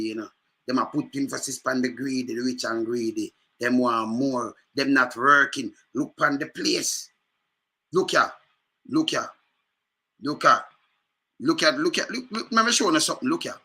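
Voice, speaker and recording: A man's voice: medium pitch, bright, forceful tone. An older man with a Jamaican accent delivering an impassioned political rant, fiery and repetitive, slipping into patois. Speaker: commentator.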